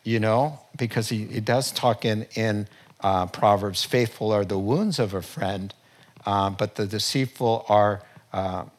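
A man preaching a sermon from a church platform in a conversational, storytelling way with lively asides. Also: lowish voice, unhurried. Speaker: pastor.

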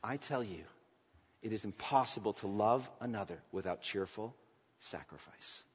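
A man, a pastor, delivering a sermon with impassioned preaching that swings between loud emphatic lines and quiet asides. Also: fairly low pitch, normal speed, breathy edge. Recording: echoey church hall, dull lo-fi sound.

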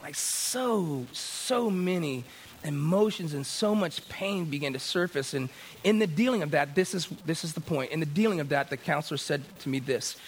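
A man's voice: on the high side, fairly quick, breathy edge. A middle-aged man preaching a sermon, telling a personal story in a conversational way with many restarts and growing emphatic. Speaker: pastor.

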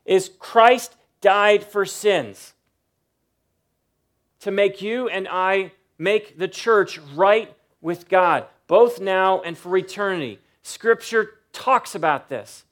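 A man preaching a sermon to his church, emphatic and slowing down to stress key points. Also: high voice. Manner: emphatic preaching, varies loudness and slows for emphasis. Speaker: pastor.

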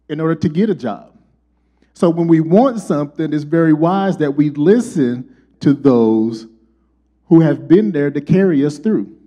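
A middle-aged man preaching a sermon, telling folksy personal stories and getting animated when he acts out dialogue. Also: mid-range voice. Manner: folksy storytelling, rising animated for quoted dialogue.

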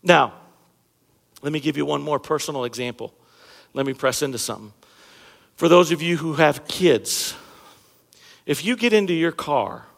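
A man in his thirties preaches from a church stage, mixing jokes and chatty asides with the congregation. His voice sits high for a man and he leans hard on key words. A long reverb from the big hall trails behind every phrase. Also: a bit bright. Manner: conversational and humorous, jokes with the congregation; emphatic, punching key words. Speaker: pastor. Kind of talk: sermon. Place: church sanctuary stage under bright lights.

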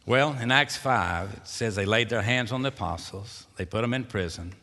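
A man preaching a sermon, dropping to a hushed, slow voice and rising to loud, excited calls. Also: lowish voice. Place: church sanctuary. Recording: long reverb of a church hall.

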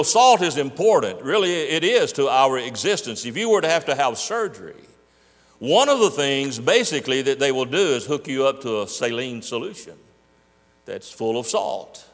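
A man preaching a sermon as pastor, stressing key words by slowing down and leaning on them. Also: medium pitch, very animated, long reverb tail.

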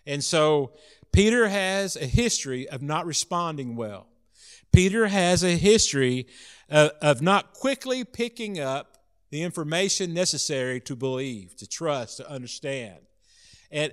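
A man preaching a sermon in an earnest way, rising to loud emphasis and dropping to soft, hushed lines. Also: on the high side. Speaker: pastor.

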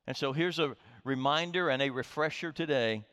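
A man's voice: mid-range voice, moderate pace, a bit bright, smooth, in a large hall. A man preaching a sermon as pastor, earnest and emphatic, his delivery rising and falling.

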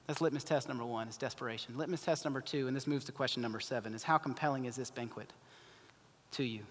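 A man preaching a sermon, impassioned and urgent, then dropping to hushed pleading. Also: medium pitch, fast talker. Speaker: pastor. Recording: long hall reverb.

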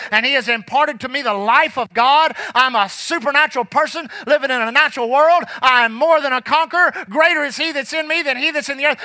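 A man preaching a sermon in church, fervent and rising to shouts, dropping low and quiet when telling his past. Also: dry recording.

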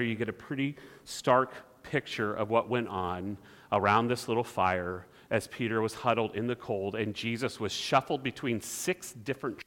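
Animated preacher man in a reverberant hall. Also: medium pitch. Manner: animated, acts out quoted voices. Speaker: pastor. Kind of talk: sermon.

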